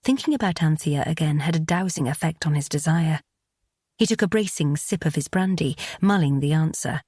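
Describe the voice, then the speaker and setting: A woman reading a romance audiobook with a low, husky voice. Her storytelling is calm and even. The recording is close and dry. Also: moderate pace, no echo. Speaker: audiobook narrator. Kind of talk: scripted romance narration.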